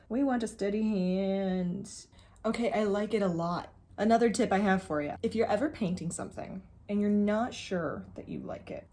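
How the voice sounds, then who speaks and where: A young woman talks through her painting in a relaxed, chatty way. She teases herself and drifts into playful asides. Her tone stays easygoing, like a teacher passing on tips. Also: medium pitch. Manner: chatty, jokey, self-teasing asides. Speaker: painting vlogger; math teacher. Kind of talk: casual chat while painting.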